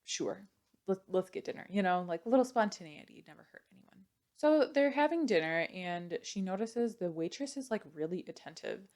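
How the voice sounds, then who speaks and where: A woman's voice: medium pitch, lively intonation, brisk, darkish tone. A young woman casually retelling a true crime story, chatty and full of "like" and "you know".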